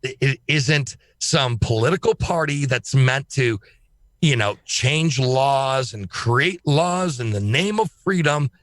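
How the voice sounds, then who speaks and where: Podcast guy getting all fired up, swears a lot, pitch jumping all over, dry close sound. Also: slow pace, no room sound. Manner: emphatic, excitable, swears freely. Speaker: podcast guest. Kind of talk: casual podcast chat.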